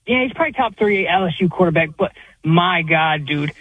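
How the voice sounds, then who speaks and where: A male caller over a phone line, with a high, husky voice. He argues emphatically and stumbles over repeated words. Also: lively intonation, brisk. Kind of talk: call-in sports radio opinions.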